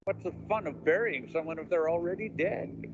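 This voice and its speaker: A man's voice: fairly high pitch, a little fast, lo-fi sound, background noise, natural voice. An actor playing an ancient, menacing male vampire lord who taunts and gloats. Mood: taunting.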